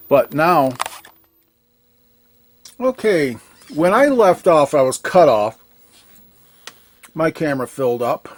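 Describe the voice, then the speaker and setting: A man's voice: medium pitch, dry recording. A man working as an arcade repair technician, walking through a repair in a casual, plain way, thinking aloud and poking fun at himself.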